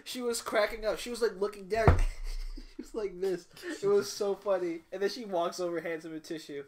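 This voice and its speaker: A man's voice: high-pitched, fairly even intonation, brisk, slight background noise. A young man with a middling voice chatting on a casual podcast. His talk is loose and slangy, and he repeats himself as he builds a story. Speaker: podcast co-host.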